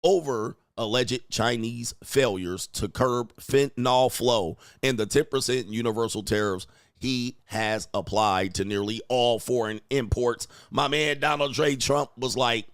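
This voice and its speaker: A man hosting a news commentary channel, reading headlines and reacting in an animated, slangy way, often quoting people in put-on voices. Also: mid-range voice, unhurried, no echo, studio quality.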